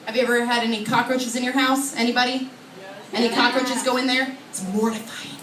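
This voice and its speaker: Young female stand-up, high voice, chatty storyteller, room noise around her. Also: flat delivery, a little fast. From Oregon, USA. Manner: chatty, self-mocking, acts out voices. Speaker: stand-up comedian. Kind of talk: stand-up comedy set. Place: comedy club stage. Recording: echoey club, recorded from far off.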